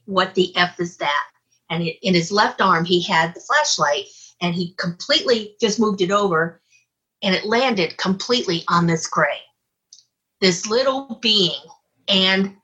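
Casual guest storyteller, a woman with a husky, bright voice, lively and expressive. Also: medium pitch, low-quality recording. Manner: animated, acts out her own reactions. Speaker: guest, UFO investigator.

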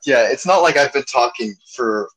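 A man's voice: mid-range voice, lively intonation, moderate pace, a loud crowd, low-quality recording. A young man co-hosting a podcast, telling a rambling story in casual chat and laughing at himself. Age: young adult. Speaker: podcast co-host.

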